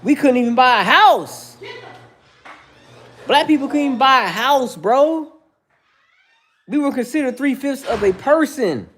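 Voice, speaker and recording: The male livestreamer's voice is extremely high with lively intonation and a fairly bright tone, coming a little slowly with long pauses over a faint hiss or hum. He addresses chatters by name in casual, heated, preachy talk, saying "bro" all the time.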